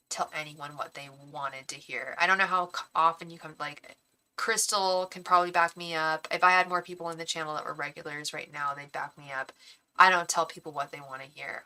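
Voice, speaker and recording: An emotional young woman on a live tarot stream, her voice bright and rather low-pitched. She talks earnestly and defensively to her viewers, stumbling and restarting as she goes. She keeps calling them babe and honey. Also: steady tone, normal speed, rough recording. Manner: earnest, defensive, reassuring, many restarts and stammers; calls viewers pet names like babe and honey. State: emotional, heart racing.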